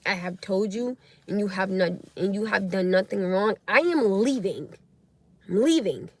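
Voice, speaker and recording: A young woman hosts a casual livestream, speaking bluntly about relationships as she responds to viewer comments. Her mid-range voice is expressive and her pace measured, picked up by a phone or webcam mic.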